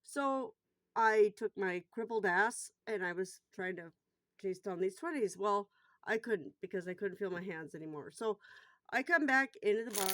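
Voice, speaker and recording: A woman's voice: mid-range voice, no room sound. Blunt, candid woman telling a story. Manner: candid, blunt, swears freely; gets loud and worked up retelling the fall. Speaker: bar worker telling a personal story. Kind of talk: casual storytelling vlog.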